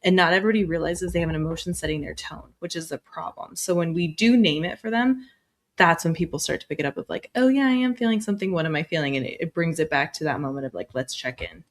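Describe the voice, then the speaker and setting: Lower-voiced woman therapist, casual chat. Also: quick pace. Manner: relaxed, explanatory, chatty with fillers. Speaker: mother.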